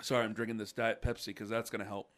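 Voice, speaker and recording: A man co-hosting a podcast, telling a story in a lively casual way and acting out the people in it. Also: on the low side, quick pace. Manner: animated, acts out voices of people in his story. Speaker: podcast co-host.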